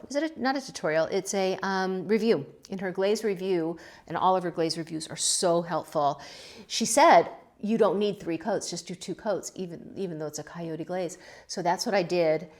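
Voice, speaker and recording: A woman's voice: lowish voice, normal speed. A middle-aged woman from California chatting casually about her pottery and a local winery, emotional and laughing as she fights back tears. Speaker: pottery vlogger. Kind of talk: casual chat.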